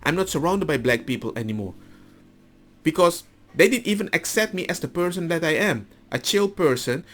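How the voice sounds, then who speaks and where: A man's voice: fairly high pitch, lively intonation, moderate pace, a bit bright. A man hosting a commentary video, arguing his opinions and acting out quoted conversations. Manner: argumentative, acts out quoted dialogue.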